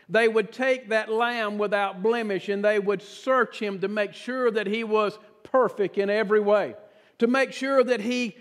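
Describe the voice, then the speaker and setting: A man preaching a sermon as pastor, earnest and dramatic, dropping often to a hushed voice. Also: high-pitched. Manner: earnest, dramatic preaching with sudden drops to a hush. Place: church sanctuary. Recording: reverberant church sanctuary.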